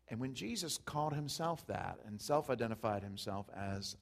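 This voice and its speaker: A man preaching a sermon, building from hushed passages to loud, emphatic peaks. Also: mid-range voice, lively intonation, normal speed, few pauses.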